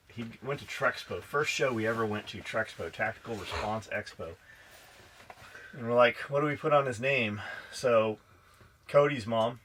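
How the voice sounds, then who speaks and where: A man's voice: medium pitch, sharp tone, slight background noise. A man co-hosting a casual podcast, swearing freely, teasing his co-host and reading a listener's comment aloud. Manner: crude, joking, reads listener comments aloud.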